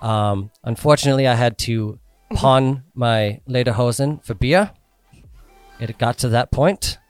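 A man guesting on a podcast, joking in a German party persona with cheeky, deadpan teasing as he takes over the show. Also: medium pitch, measured pace, clear, resonant tone, no echo, faint music behind. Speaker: guest comedian.

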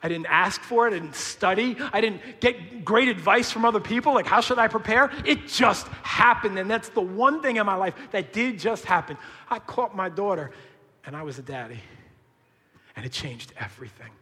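High, bright-voiced preaching man. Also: expressive, moderate pace, big-room sound. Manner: emphatic, swings between hushed and shouting; conversational, uses slang. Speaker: pastor. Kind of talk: sermon.

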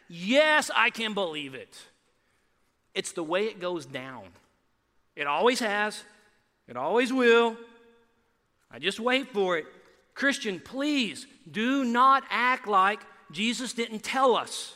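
Animated pastor in a reverberant hall. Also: male voice, sits high, slow, long pauses. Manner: animated, acts out biblical voices with rising emphasis. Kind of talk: sermon. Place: church sanctuary.

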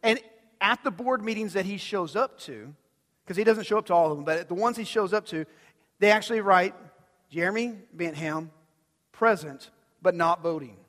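Guy preaching, chatty, keeps asking if you're following, loud then soft, long room echo. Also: lively intonation, fairly quick. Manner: conversational, asks the audience questions; swings from loud emphasis to soft low passages. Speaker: pastor. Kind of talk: sermon. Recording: long hall reverb.

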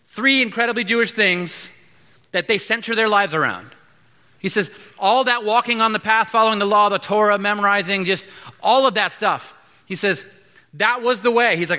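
A man preaching a sermon as pastor, conversational, acting out quick asides between points. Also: high-pitched, bright, forceful tone. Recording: long hall reverb.

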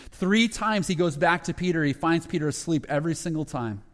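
A pastor telling a Bible story as a sermon, acting out the quoted lines and growing hushed at the tender moments. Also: male voice, a little high, animated, fairly quick. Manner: retells scripture with quoted dialogue, dropping to a hushed voice at emotional moments. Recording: long hall reverb.

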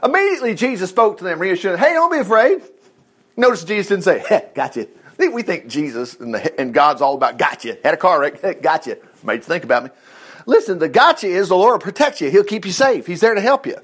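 A folksy male preacher gives a relaxed, informal sermon on Bible passages, speaking fast and conversationally. His lively voice, slightly high for a man, swoops up and down, and he acts out voices as he goes.

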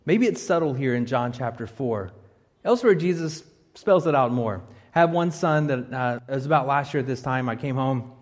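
A man preaching a sermon as a pastor, animated and slipping in jokes between his points. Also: medium pitch, normal speed. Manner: animated preaching with joking asides. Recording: long reverb of a hall.

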